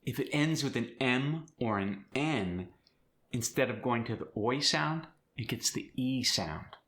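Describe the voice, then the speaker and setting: A man's voice: medium pitch, animated, measured pace, fairly bright tone. A man teaching an in an upbeat, step-by-step tutorial. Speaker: accent coach. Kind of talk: instructional tutorial.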